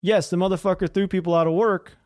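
A man's voice: sits high, steady tone, a little mellow, no room sound, studio quality. A man hosting a podcast, ranting heatedly about politics with a lot of swearing. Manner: heated, profane, fast-talking. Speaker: podcast host.

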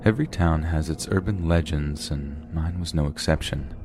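A man calmly narrating true scary stories as a podcast host. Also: very deep voice, normal speed, background noise. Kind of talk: scripted horror story narration.

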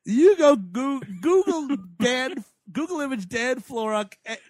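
High-voiced guy on a comedy podcast, bouncy pitch, laughs a lot, dry close sound. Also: animated, measured pace, a little mellow, no room sound. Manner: laughs often, riffs into silly bits. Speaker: podcast co-host. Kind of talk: casual comedic movie chat.

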